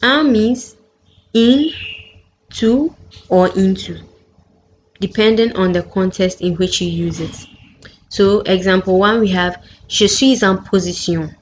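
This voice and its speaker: A woman teaching a beginners' French lesson, reading out each example clearly and carefully. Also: medium pitch, takes it slowly, pauses often. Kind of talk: slow, deliberate lesson narration. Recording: dull lo-fi sound with faint background noise.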